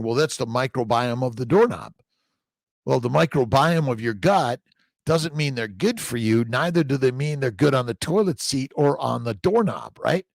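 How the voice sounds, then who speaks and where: A man's voice: on the low side, no room sound. An older man hosting a casual morning livestream, reading out viewer comments and talking in rambling bursts with emphatic repeats. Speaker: livestream host.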